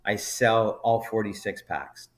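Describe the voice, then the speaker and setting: A brewery co-founder appearing as a podcast guest tells an anecdote in conversation, animatedly acting out the dialogue in quotes as he goes. His voice is on the low side, and he takes it slowly.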